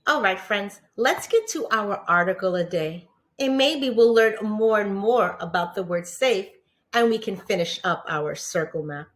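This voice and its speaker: A woman teacher with a New York accent giving a patient lesson to young children, pausing for answers and praising them often. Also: mid-range voice, expressive. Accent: New York English. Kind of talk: slow, encouraging classroom lesson for young children.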